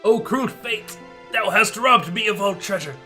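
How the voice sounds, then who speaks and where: A heartsick young hero swearing vengeance in grand old-fashioned stage language, as a man puts him on. The voice is bright and forceful, and faint music runs underneath. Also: high voice, measured pace, voice pushed up, heavily acted. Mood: vengeful. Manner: melodramatic archaic declamation.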